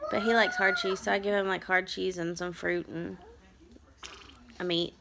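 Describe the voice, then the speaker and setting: A mother in her thirties telling a story in a rambling, animated vlog and turning aside to her children. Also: on the low side, moderate pace, creaky, slight background noise. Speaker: mother vlogger.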